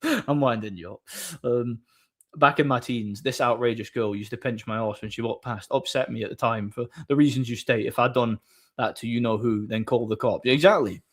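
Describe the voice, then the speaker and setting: A man's voice: mid-range voice, moderate pace. A man hosting a live stream, chatting casually and telling a story with many restarts and crude, blunt banter. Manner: rambling storyteller, frequent restarts.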